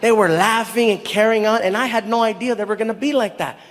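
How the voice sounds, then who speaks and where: A middle-aged man telling a stand-up comedy story with animated delivery. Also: high voice, fast. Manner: animated storytelling with acted quotes.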